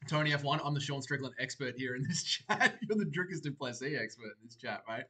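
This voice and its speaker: Bright-voiced male streamer chatting casually. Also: medium pitch, fast talker. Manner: relaxed, chatty, reads viewer comments aloud and answers them. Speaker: livestream host. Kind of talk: casual chat reacting to live chat.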